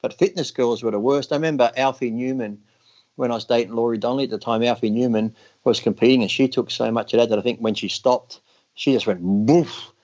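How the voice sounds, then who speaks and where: A man's voice: medium pitch, a little fast, darkish tone. Swearing man telling gym stories. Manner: crude, laughing anecdotes, heavy swearing. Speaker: guest. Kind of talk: casual podcast storytelling. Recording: dull lo-fi audio.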